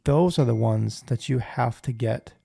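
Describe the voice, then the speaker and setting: A man's voice: mid-range voice, measured pace, vocal fry, warm tone, breathy edge, no echo, clean studio sound. A man co-hosting a podcast, giving emphatic opinions with stammering restarts. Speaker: podcast co-host. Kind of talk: casual chat.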